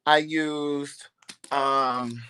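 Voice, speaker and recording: A man from Baltimore talks in a lively, chatty way, laughing easily as he goes. His voice sits a little high and sounds bright and forward. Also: extremely slow, clean tone. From Baltimore, USA. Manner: animated, chatty, laughs often. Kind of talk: casual chat.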